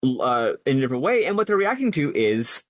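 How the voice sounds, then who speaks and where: A man's voice: mid-range voice, sing-song, fairly quick, dry recording. Earnest rambling man, dry close sound. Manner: earnest, analytical, rambling with restarts. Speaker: podcast co-host. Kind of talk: casual game discussion.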